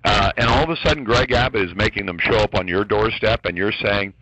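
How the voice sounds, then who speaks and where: A man's voice: lowish voice, fairly quick, very noisy. A man speaking as a guest commentator on a radio talk show, ranting in a heated, emphatic way.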